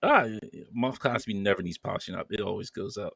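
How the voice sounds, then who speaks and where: A man's voice: lowish voice, expressive, fairly quick, creaky, a bit bright, husky, dry recording, studio quality. A man hosting a podcast, casually reading viewer comments aloud with playful banter and frequent laughter. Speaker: podcast host.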